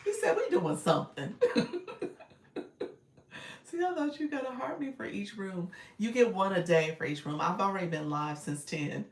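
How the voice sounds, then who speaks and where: A woman's voice: medium pitch, sing-song, moderate pace. A woman, coaching casually on a live stream, reading viewer comments, laughing often and calling her audience y'all. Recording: roomy echo, a bit far from the mic.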